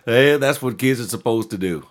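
A man's voice: medium pitch, normal speed. A man co-hosting a casual chat with playful, teasing banter.

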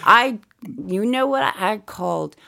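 A woman's voice: medium pitch, animated, a little slow, gravelly, pushed and bright. A middle-aged woman co-hosting a podcast, telling a story in a blunt, profane way and acting out each person's voice. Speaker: podcast co-host. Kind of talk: animated storytelling chat.

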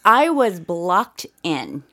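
A woman's voice: on the low side, sing-song, drawn-out words, pushed and bright. A middle-aged woman co-hosting a podcast, telling a story in a blunt, profane way and acting out each person's voice. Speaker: podcast co-host. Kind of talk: animated storytelling chat.

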